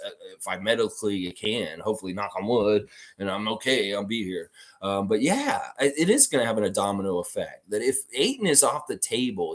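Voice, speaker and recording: A man's voice: fairly low pitch, a bit bright. A man hosting a casual live stream, rambling and reading viewer comments aloud. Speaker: livestream host.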